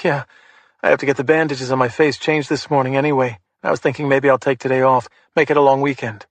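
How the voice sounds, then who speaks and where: A man's voice: mid-range voice, level tone, fast talker, no echo, natural voice. A male narrator voicing a woman detective who is sick and weary, talking in a tired, apologetic way.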